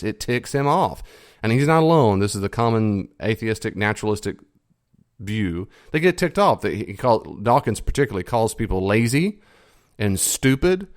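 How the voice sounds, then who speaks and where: A man hosting a podcast, explaining ideas emphatically. He repeats key phrases and stretches out stressed words slowly. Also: no room sound, studio quality. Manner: lively swings in pitch for emphasis. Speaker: podcast host.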